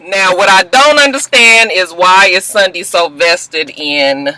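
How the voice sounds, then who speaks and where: A woman hosting a casual reality-show recap vlog, a profane, animated storyteller who laughs a lot and acts out quotes. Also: on the low side, slow, poor audio. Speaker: video host.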